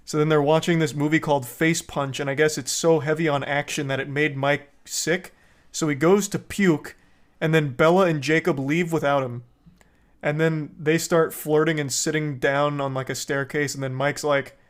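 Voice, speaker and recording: A man streaming, casually recapping a movie and chatting with viewers in a rambling, joking way. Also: on the high side. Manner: rambling recap with crude jokes. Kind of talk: casual chat.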